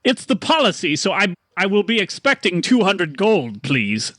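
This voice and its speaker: A man voicing a pompous, shifty huckster merchant who sputters with high-pitched indignation. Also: big pitch swings, normal speed, sharp tone, dry recording, clean studio sound, full character voice. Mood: pushy.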